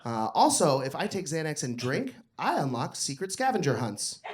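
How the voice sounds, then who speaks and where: A man performing a crude stand-up comedy set on a club stage, yelling his punchlines and telling stories. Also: a little high, sing-song, moderate pace. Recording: noisy live club recording.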